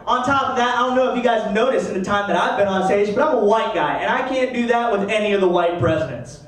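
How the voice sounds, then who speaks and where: High-voiced comic on a roomy stage. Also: male voice, moderate pace, background noise. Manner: animated storytelling with put-on voices. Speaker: stand-up comedian. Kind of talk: stand-up comedy set. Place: comedy stage before a live audience. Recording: roomy, distant mic with audience laughter.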